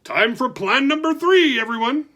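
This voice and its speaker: A man voicing a small, brave worm who calls out urgently and eagerly in a husky voice. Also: fairly high pitch, extremely slow.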